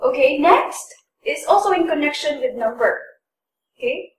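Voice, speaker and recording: A woman's voice: sits high, expressive, normal speed, slight background noise. A woman tutor giving a classroom lesson, patiently repeating and stressing words for learners. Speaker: English test tutor. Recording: echoey room, voice from a distance.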